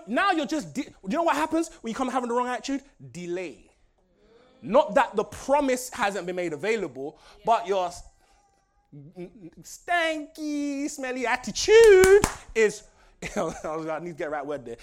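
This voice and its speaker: Preaching with an extremely high pitch at a measured pace, this male pastor delivers a lively sermon. Frequent laughter punctuates it as he moves from shouting to quiet asides.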